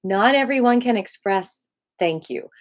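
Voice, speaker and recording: A woman teaching a live qigong class from home, guiding her listeners in a slow, soothing, reflective way. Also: on the high side, expressive.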